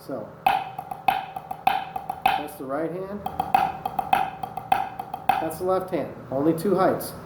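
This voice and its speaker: A man's voice: fairly high pitch, animated, slow, long pauses, over loud music. Man teaching drum rudiments, echoey room. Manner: patient, methodical, counts strokes aloud. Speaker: drum instructor. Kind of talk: instructional demonstration. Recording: echoey room with loud noise. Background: drumming on a practice surface.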